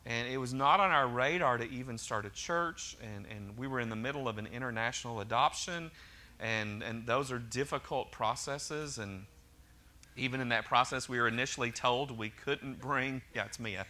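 A man's voice: medium pitch, moderate pace, bright, forceful tone. A middle-aged man, preaching a sermon in a conversational way with restarts and joking asides. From Oklahoma, USA. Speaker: pastor.

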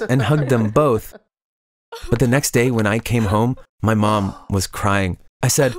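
Male narrator for an animated story, mid-range voice, steady scripted read, slight hiss. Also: mid-range voice, moderate pace.

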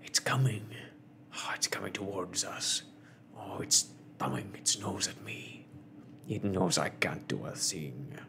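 A man doing a low, whispered gruff harpooner. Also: huge pitch swings, measured pace, slight background noise, heavily acted. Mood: excited. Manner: hushed, low and doubting. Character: gruff skeptical Canadian harpooner, middle-aged man. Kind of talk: whispered role-play.

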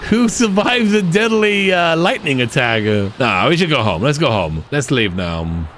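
A man's voice: fairly high pitch, very animated, measured pace, fairly bright tone, a little hiss or hum. A man hosting a gaming channel, giving upbeat, chatty let's-play commentary and talking to his game characters.

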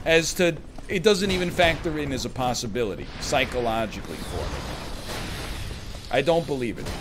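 Male streamer, sarcastic live commentary, lively voice, outbursts. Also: medium pitch, normal speed, a little hiss or hum. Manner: sarcastic, animated, with sudden shouts. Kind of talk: casual live-stream commentary while gaming.

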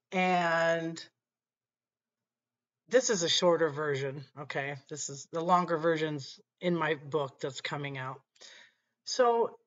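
A woman vlogger telling a personal story in a casual, unhurried way, often saying "you know" and "like". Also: sits low, a bit bright. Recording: dull lo-fi recording.

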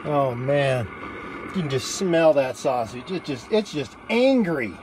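A man's voice: mid-range voice, expressive, slow pace, darkish tone, slight background noise. Chatty man livestreaming from a grill. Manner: chatty, rambling, many fillers and restarts. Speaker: livestreamer taking a food challenge. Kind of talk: casual live-stream chat. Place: outdoors at a barbecue grill in the evening. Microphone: phone held in one hand.

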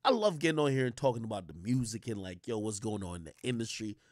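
A man ranting casually to his stream audience, swearing a lot and jumping his voice up high for emphasis. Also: lively intonation, quick pace, darkish tone, no echo, clean studio sound. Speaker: streamer and rap commentator.

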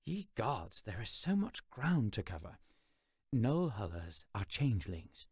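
A man's voice: fairly low pitch, sing-song, unhurried, a little mellow, husky, no room sound, clean studio sound, heavily acted. A man reading an audiobook, voicing a scholarly, fussy male troll who speaks in formal, elaborate phrases. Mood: explaining.

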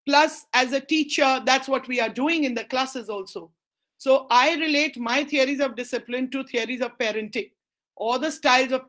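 A high-pitched, middle-aged woman speaks with an Indian English accent. She gives a public talk as a school principal, telling stories and acting out the quoted lines. She drops Hindi phrases into her English. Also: fairly bright tone.

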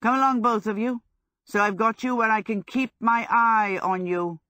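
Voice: mid-range voice, fairly even intonation, normal speed, bright, forceful tone, no echo, clean studio sound, voice pushed up, close to an everyday voice. A woman voicing a moody young male wizard who teases and scolds, in a storybook reading. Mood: scolding.

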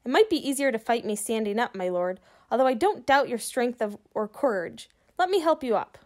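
A woman's voice: a little high, expressive, a little fast, darkish tone, close to an everyday voice. Woman reading as an eager young boy. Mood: polite. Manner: eager, polite. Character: curious, polite young boy. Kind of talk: reading a children's book aloud.

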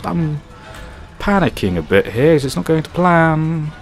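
Man, let's play commentary, excitable, swears a lot, very animated pitch. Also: normal speed, faint music behind. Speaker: gaming commentator.

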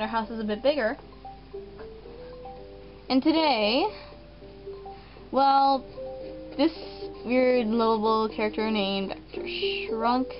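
A woman's voice: fairly high pitch, highs cut off. A young woman hosting a gaming channel, chatting casually, giggly and poking fun at herself. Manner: chatty, giggly, self-mocking. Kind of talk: casual game commentary.

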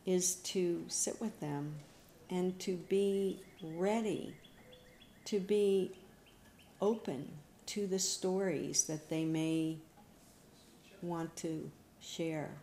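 A woman speaking as a counselor in a gentle, deliberate way. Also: lowish voice, slight background noise. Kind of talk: interview talk. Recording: roomy echo.

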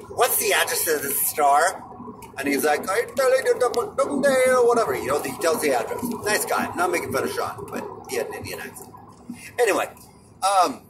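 Man ranting while driving, angry and sarcastic, voice sits high, road noise loud behind. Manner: heated, profane, sarcastic. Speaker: vlogger.

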